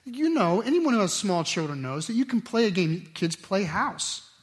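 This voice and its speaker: Man preaching, middle-aged, fairly high voice, animated, loud then hushed. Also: normal speed. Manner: animated, swings from loud emphasis to quiet asides. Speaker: pastor. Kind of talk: sermon.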